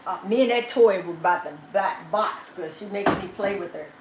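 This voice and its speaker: A woman's voice: mid-range voice, fairly quick, slight background noise. Chatty woman on a roomy live stream. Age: 50s. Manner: chatty, laughs often, coos at her dog. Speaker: vlogger hosting a live chat. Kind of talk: casual livestream chat. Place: indoors, at home with her dog. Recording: echoey room with faint ambience.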